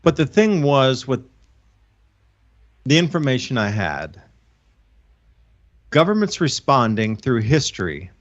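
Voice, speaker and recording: Speaking into his own microphone, an online channel host appears as a talk show guest and rambles through a lengthy, earnest explanation, frequently starting sentences over. He has a mid-range voice, and the audio is dull.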